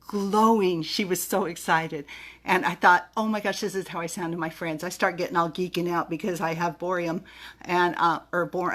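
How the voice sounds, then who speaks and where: A bubbly middle-aged woman talks straight to camera in a chatty, giggly way, often tripping over hard words. Her voice sits a little low, and she sounds open and unscripted. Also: fairly bright tone. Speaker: vlogger reviewing vitamins. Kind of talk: casual talk to camera.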